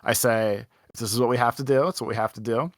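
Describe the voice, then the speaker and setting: A man's voice: mid-range voice, fairly even intonation, fast talker, no echo, clean studio sound. Chatty man telling a long story. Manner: rambling anecdote with lots of "like" and quoted dialogue. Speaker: podcast co-host. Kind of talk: casual storytelling chat.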